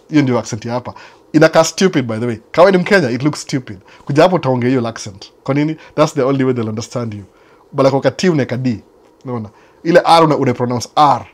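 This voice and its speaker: A man from Kenya with a Kenyan accent, hosting a casual chat that answers viewers, mixing Swahili and English and often repeating his phrases. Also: mid-range voice. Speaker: host. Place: United States.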